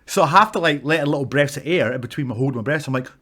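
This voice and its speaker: A man's voice: mid-range voice, racing, bright, forceful tone. A Scottish man, a wrestler, telling stories to camera in a casual vlog, swearing freely and acting out the people in them. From Scotland.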